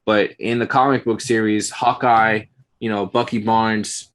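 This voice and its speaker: Low voiced guy on a podcast, calm, steady, lots of ums. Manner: steady, measured, lots of fillers. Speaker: podcast co-host. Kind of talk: casual chat.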